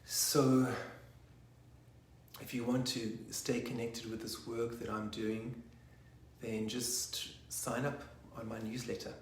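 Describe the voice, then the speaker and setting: A man leading a guided meditation online, soft-spoken and slipping into whispers at times. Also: medium pitch, little pitch movement, slow pace, a little hiss or hum. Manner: rocks forwards and back while chanting. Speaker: meditation teacher. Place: online session from a room. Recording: roomy echo.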